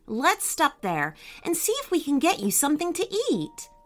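A woman's voice: sing-song, moderate pace, faint music behind. A woman doing Annika, an eager young girl. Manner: high, eager delivery. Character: bright, kind, bold young girl. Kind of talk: children's storybook reading.

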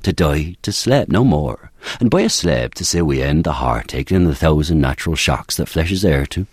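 A man's voice: rumbling low, expressive, moderate pace, darkish tone, breathy edge, no room sound, clean studio sound, heavily acted. A man reciting a brooding young Prince Hamlet in Shakespearean original pronunciation, in a colloquial, unpompous way.

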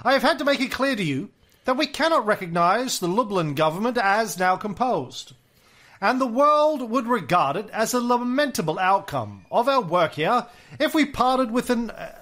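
A man's voice: very high voice, fairly bright tone, voice pushed up, heavily acted. A man putting on a formal 1920s American aristocrat's Mid-Atlantic accent, reading out a statesman's earnest letter. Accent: old-fashioned Mid-Atlantic aristocratic.

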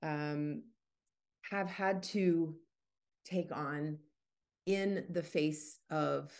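A woman hosts a casual podcast monologue, thinking aloud in an unscripted way and restarting often. Her low, darkish voice stays steady and moves extremely slowly.

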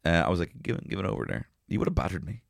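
A young Irish man co-hosting a podcast, telling rambling comedic stories full of swearing and bursts of shouted impressions. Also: low-pitched, very animated, very fast, vocal fry, no room sound, studio quality. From Ireland. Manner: rambling, swears freely, jumps into shouted character voices. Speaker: podcast co-host. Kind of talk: casual comedic chat.

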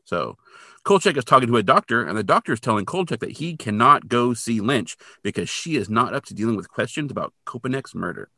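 A man chatting casually as a podcast co-host, his voice bright and forceful, with a pitch that swings up and down as he retells scenes in an animated way. The sound is dry and close. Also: brisk, slightly rough, no echo. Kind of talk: casual recap chat.

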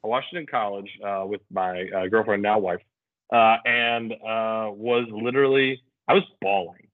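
A man's voice: fairly low pitch, moderate pace, no room sound. A man co-hosting a podcast, talking in an earnest, emotional way with lots of restarts. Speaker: podcast co-host. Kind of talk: casual chat. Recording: tinny phone-like audio.

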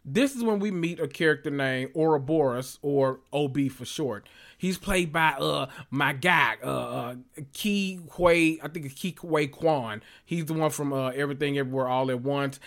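A man recapping a TV episode for his channel in a loose, casual reaction style. He talks with a sassy, animated edge and swears freely, and his voice sits a little higher than most men's. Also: normal speed. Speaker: recap vlogger.

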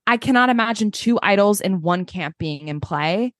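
A woman's voice: mid-range voice, lively intonation, normal speed, no echo. A woman with a mid-range voice gives her blunt, opinionated take on a reality show, dropping swear words without a second thought. Her voice is recorded dry and close, with no room sound around it. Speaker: podcast co-host. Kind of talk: casual reality TV recap chat.

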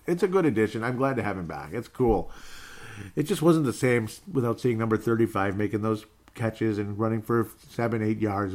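A man's voice: lowish voice, a little mellow. A man hosting a casual sports podcast, reading listener comments aloud with loose chatter, fillers and chuckles.

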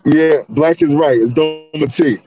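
A man's voice: high voice, brisk, over music. Laid-back, chuckling man on a dull mic. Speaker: podcast co-host. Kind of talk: casual podcast chat.

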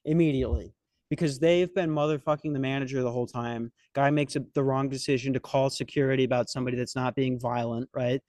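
A man's voice: medium pitch, steady tone, quick pace, a little mellow, dry recording. Rambling, cussing young man, dry sound. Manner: rambling, profane, self-mocking. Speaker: podcast host. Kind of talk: comedic storytelling chat.

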